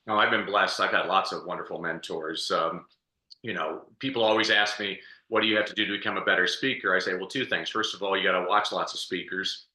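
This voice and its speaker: Male coach guest, chatty storyteller, tense bright tone, echoey room sound. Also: low-pitched, fairly quick. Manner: energetic, chatty storyteller who laughs often. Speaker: podcast guest, speaker and coach. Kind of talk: storytelling interview answer.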